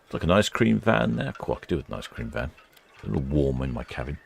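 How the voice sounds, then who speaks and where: This ship-watching livestream host is a British man whose very deep voice is sing-song, creaky, and quick. Indoors in a warm room by the quay, he chats casually and reads viewer comments, with slight background noise present.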